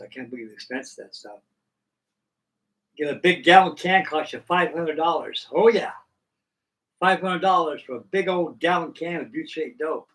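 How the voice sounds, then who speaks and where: A man's voice: a little high, fairly bright tone, distant mic, low-quality recording. A middle-aged man hosting a live stream, chatting casually and folksily while he builds models, with rambling talk and casual swearing.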